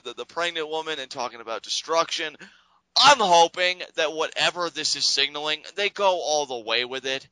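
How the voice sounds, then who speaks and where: An animated, sarcastic man co-hosting a casual podcast, his voice very bright and forward. He sounds dry and close to the mic, with no room around him. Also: mid-range voice, a little fast, clean tone, no room sound, rough recording. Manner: animated, sarcastic, laughs often. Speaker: podcast co-host. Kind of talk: casual wrestling podcast chat.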